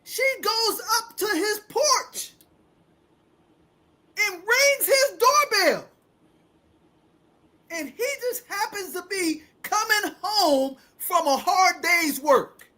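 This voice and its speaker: A woman's voice: extremely high pitch, lively intonation, slow pace, long pauses. A woman in her fifties hosting a podcast, telling a story dramatically and calling out to the audience. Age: 50s. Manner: dramatic, addresses listeners as ladies and gentlemen. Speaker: show host.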